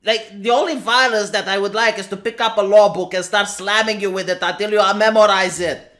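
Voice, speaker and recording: A woman's voice: mid-range voice, fairly even intonation, fairly quick, a bit bright. A woman from Romania giving an exasperated, sarcastic commentary rant, reading out posts and repeating herself. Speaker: commentary streamer. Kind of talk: ranting commentary reading tweets.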